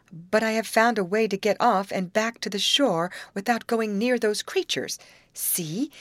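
A woman reading aloud voices a gentle, earnest teenage girl who explains things carefully. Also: medium pitch, no echo, pitched above the performer's own voice, lightly acted.

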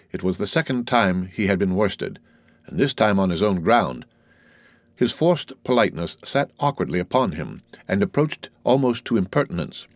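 Low-voiced man narrating a classic novel. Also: no room sound. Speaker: audiobook narrator.

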